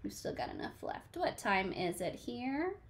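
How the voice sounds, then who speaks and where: A woman's voice: mid-range voice, huge pitch swings, a little slow, gravelly. A woman teacher reading a picture book aloud to a class, asking questions and encouraging children by name.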